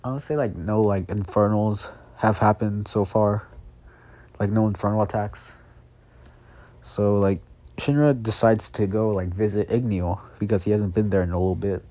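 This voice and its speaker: A young man with a lowish, mellow voice tells an improvised fan story at a home microphone. He rambles along casually, full of fillers and restarts. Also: fairly even intonation, normal speed.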